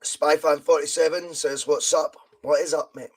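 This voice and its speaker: A Scottish man with a voice on the high side, speaking at normal speed, hosts a football podcast with live fan commentary on a match. He's chatty, reads out viewer comments, and bursts with excitement at chances.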